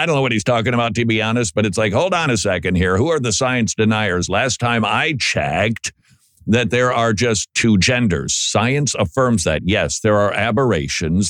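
Male commentary host, low voice, dry studio sound, emphatic and sarcastic delivery. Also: a bit bright, no room sound. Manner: sarcastic, emphatic, stammers when reacting. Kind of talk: political commentary monologue.

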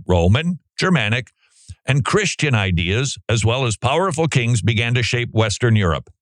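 A man's voice: mid-range voice, big pitch swings, normal speed, a bit bright, no room sound, studio quality. Incredulous man reading and commenting. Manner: incredulous, sarcastic asides between read passages.

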